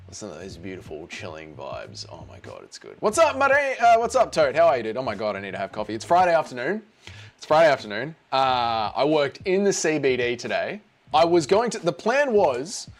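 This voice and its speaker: An Australian man chatting casually on a live stream, rambling and greeting viewers by name. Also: mid-range voice.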